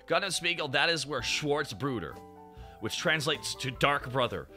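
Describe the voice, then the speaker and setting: A man hosts a loose, excitable chat, rambling from one point to the next and swearing freely. His voice is very bright and sits at a middle pitch. Faint music plays underneath. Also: brisk. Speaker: show host. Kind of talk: casual chat reviewing robot designs.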